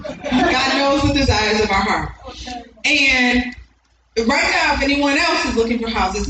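High-voiced woman preaching in an echoey hall. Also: background noise. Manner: emphatic, repeats key lines, chuckles between points. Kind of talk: sermon. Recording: echoey hall, distant mic, music underneath.

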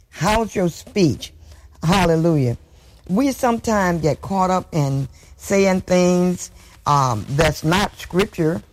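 Slow, high-voiced man preaching a sermon. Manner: slow, measured preaching with hallelujahs. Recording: noisy background hiss.

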